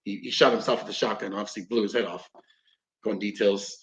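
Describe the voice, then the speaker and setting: A man's voice: fairly low pitch, steady tone, a little fast, background noise. A man, a podcast guest, telling a story casually with plenty of swearing and acted-out quotes. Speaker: podcast guest, combatives instructor. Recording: roomy, dull lo-fi sound.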